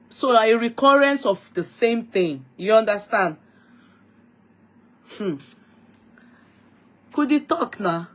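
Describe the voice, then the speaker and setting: A woman's voice: on the high side, slightly rough. Chatty Nigerian woman vlogger. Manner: lively, dramatic retelling, switching into Yoruba phrases. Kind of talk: casual storytelling to viewers.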